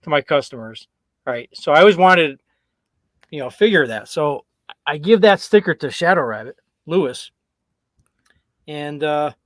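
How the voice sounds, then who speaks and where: A man's voice: on the high side, lively intonation, normal speed, long pauses, no echo. A man with a slightly raised speaking voice is chatting on a live stream as co-host. He drifts through his story, stops mid-sentence and restarts with plenty of uh's. The sound is close and dry, with almost no room around it. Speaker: co-host, screen printing business owner. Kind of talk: casual live-stream chat.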